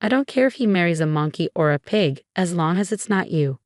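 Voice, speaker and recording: Sneering, spiteful mother-in-law, voiced by a woman reader; low-pitched, dry. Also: expressive, brisk, darkish tone, dry recording, lightly acted. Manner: sneering, insulting. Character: spiteful, scornful middle-aged mother-in-law.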